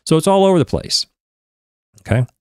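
A man hosting a podcast, reading a research paper aloud and commenting on it, excitable and often stumbling over words and restarting. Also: on the high side, a little fast, clear, resonant tone, no echo, clean studio sound.

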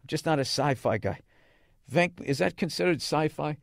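A man's voice: on the high side, normal speed, gravelly, dry recording, clean studio sound. A man hosting a podcast, reading listener emails aloud with profane, sarcastic asides. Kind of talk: casual podcast chat.

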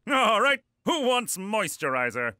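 A prim cartoon Mountie with a high, bright voice that swoops up and down, speaking in stiff, overly polite phrases. Earnest and hapless, he treats every exchange with formal courtesy. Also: big pitch swings, a little slow, no echo, exaggerated voice.

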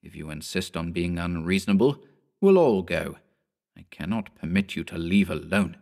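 A man doing a smoothly polite sinister man. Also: low voice, lively intonation, a little mellow. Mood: condescending. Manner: polite, measured and condescending.

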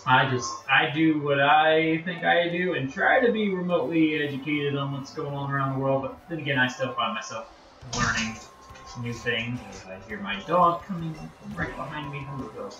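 A man's voice: mid-range voice, normal speed, far from the mic, highs cut off. A man with a Northern American accent, chatting casually and rambling while live-streaming a game, self-deprecating and easily sidetracked. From United States. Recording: roomy, off-mic, music behind.

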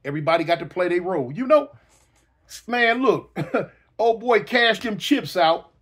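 Man, middle-aged, casual storytelling, high-pitched, sound effects, hiccups. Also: moderate pace. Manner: animated, repetitive, with sound effects.

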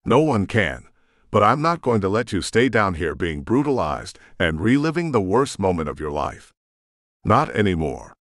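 A man voicing a gruff ancient demon smith. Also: fairly low pitch, very animated, normal speed, a bit bright, no room sound, clean studio sound. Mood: stern. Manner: gruff, commanding. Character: ancient stern male demon blacksmith. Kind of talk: audiobook character voice.

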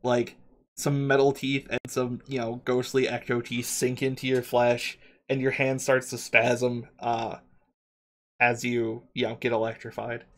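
A man's voice: mid-range voice, level tone, a little slow, a bit bright. A man narrating a tabletop game as game master, rambling with many fillers and restarts.

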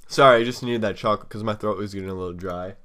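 A young man with a slightly low voice chats loosely as he plays an online card game, teasing his slow opponent and complaining about the wait. His talk is rambling and playful, now and then muffled by chocolate he is chewing. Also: fairly bright tone. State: eating chocolate while talking. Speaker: let's play host. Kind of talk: casual gaming commentary.

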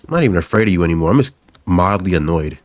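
A young man narrates his own horror game run. He is jumpy and profane, and he repeats short phrases again and again as the game pushes him around. His voice sits a bit on the low side. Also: expressive, rapid-fire, darkish tone. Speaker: gaming YouTuber. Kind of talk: let's play commentary.

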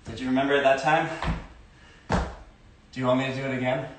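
A man's voice: mid-range voice, level tone, fast, slight background noise. A man teaching a live-streamed dance class, counting steps aloud with chatty asides. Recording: echoey room, far from phone mic.

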